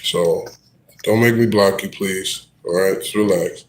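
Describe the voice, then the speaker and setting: Animated man telling a story in an echoey room. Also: deep voice, unhurried, slight background noise. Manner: animated, slangy, full of asides to the listener. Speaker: rapper. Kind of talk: casual livestream storytelling.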